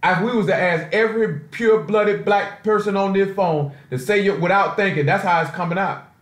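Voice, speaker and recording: A man with a high voice preaches briskly over a conference call. The sermon is informal and streetwise, sprinkled with rhetorical asides, and the sound is echoey and roomy.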